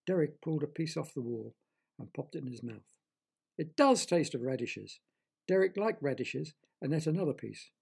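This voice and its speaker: A man narrating a children's audio story in a gentle, expressive reading manner. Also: on the high side, a little fast, vocal fry, slightly rough.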